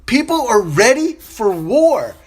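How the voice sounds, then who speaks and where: A man's voice: very high voice, very animated, slow pace, husky. A man hosting a solo opinion podcast, upset and impassioned, repeating phrases for emphasis and stumbling over restarts. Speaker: podcast host.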